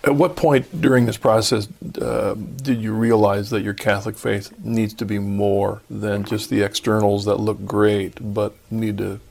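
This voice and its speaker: Gravelly, husky male interviewer. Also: fairly low pitch, level tone, measured pace, hardly any pauses, darkish tone. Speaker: interview host. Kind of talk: interview questions.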